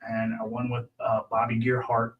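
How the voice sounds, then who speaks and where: A man's voice: mid-range voice, monotone, normal speed, phone-quality sound, soft background music. Rambling man telling stories, off-mic. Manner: rambling, with many restarts and fillers. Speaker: pit crew member, guest. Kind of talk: casual storytelling on a racing talk show. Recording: from a distance.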